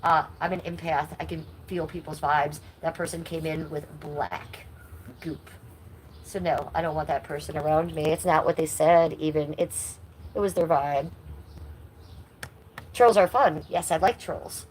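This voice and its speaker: A woman's voice: low voice, fairly even intonation, unhurried, slight background noise, poor audio. A middle-aged woman with a nasal voice, talking bluntly and indignantly to her chat on a live stream. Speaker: livestreamer.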